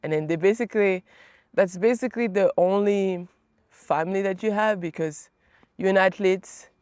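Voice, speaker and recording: A woman's voice: mid-range voice, normal speed, no echo, studio quality. Young French woman telling a story. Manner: relaxed, many fillers like "um" and "like". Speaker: vlogger, former college tennis player. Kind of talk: casual storytelling to camera.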